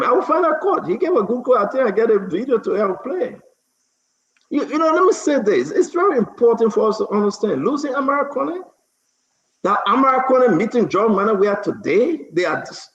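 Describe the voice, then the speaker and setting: A man's voice: high-pitched, vocal fry, roomy sound, muffled recording. A man hosting a heated political talk stream, emphatic, often repeating words as he starts. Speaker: talk show host.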